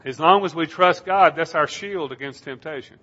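Man preaching in slow emphatic phrases. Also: a little high, sharp tone. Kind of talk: sermon. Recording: dull lo-fi sermon recording.

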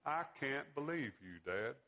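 A man's voice: medium pitch, animated, a little slow, pushed and bright, poor audio. A man reading as an indignant teenage son. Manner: pointed rhetorical questions. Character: teenage boy, earnest and accusing son.

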